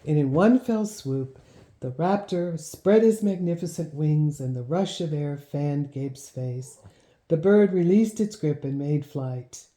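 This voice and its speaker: A woman reads a storybook aloud in a measured, gently expressive way. Her voice is low and very mellow, and a roomy echo hangs on every phrase. The delivery is steady and even-handed. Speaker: audiobook narrator. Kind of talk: storybook reading.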